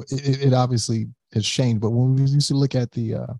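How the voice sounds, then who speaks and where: A man's voice: medium pitch, fairly even intonation, fast, hardly any pauses, mellow, dry recording. A man in casual podcast chat, talking animatedly and acting out quotes, with many restarts.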